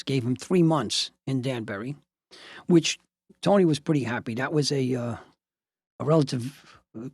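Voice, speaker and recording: An older man hosting a podcast as a judge, telling a story emphatically and sometimes halting over repeated words. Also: mid-range voice, no echo, clean studio sound. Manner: emphatic, building to forceful outrage.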